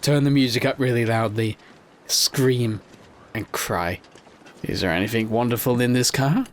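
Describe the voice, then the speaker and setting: Male let's play host, mid pitch, joking self-deprecating game commentary. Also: quick pace, slight background noise. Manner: playful, self-mocking, jokes while playing. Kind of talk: gameplay commentary.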